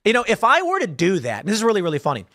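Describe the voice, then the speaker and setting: A man's voice: sits high, wildly swooping pitch, rapid-fire, sharp tone, no room sound, clean studio sound. A man in his late thirties hosting a show, delivering an emphatic, indignant political commentary monologue. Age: 30s.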